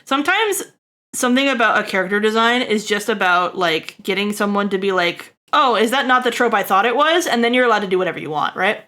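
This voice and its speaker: Brisk and lively in intonation, a woman streamer casually picks apart a character design, rambling with plenty of fillers and asking "right?" along the way. Jokey comments to chat and sudden high, loud bursts punctuate her talk.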